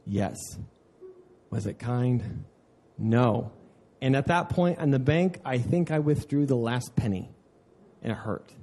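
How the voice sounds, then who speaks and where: Earnest conversational male pastor, mellow voice. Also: mid-range voice, lively intonation. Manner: conversational and earnest, with repeated "man" and quick asides. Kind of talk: sermon.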